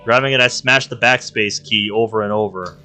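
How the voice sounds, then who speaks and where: A man's voice: on the low side, fairly quick, bright, forceful tone, faint music behind. A man streaming a visual novel, reading its narration aloud in a dramatic way with emotional outbursts. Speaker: game streamer.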